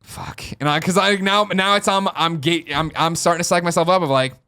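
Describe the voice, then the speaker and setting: Fast-talking animated male storyteller. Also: high-pitched, smooth. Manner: animated storyteller, acts out quoted people. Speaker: podcast host. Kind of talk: casual storytelling chat. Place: podcast studio.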